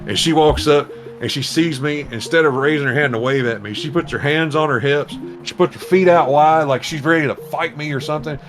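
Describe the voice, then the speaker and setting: A man casually telling an animated, profane story to friends on a live show. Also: fairly high pitch, fairly quick, over music.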